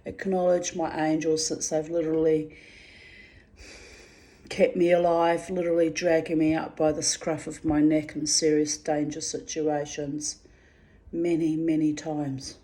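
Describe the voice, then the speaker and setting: A woman talks to her listeners in a loose, rambling vlog, quirky and a little salty, calling them darlings. Her voice sits low, with a soft, mellow tone. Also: level tone, unhurried. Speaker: vlogger. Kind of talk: casual rambling monologue.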